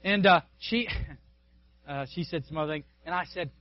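A man preaching a sermon, telling a story with asides to the pastor and congregation, swinging between loud exhortation and hushed quiet. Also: on the high side, normal speed. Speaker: guest preacher. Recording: dull lo-fi sound.

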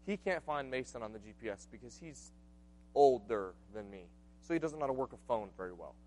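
A man's voice: mid-range voice, expressive, brisk, darkish tone. A man in his late twenties preaching a sermon, earnest and conversational, telling a personal story with frequent asides. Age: 20s. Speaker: pastor.

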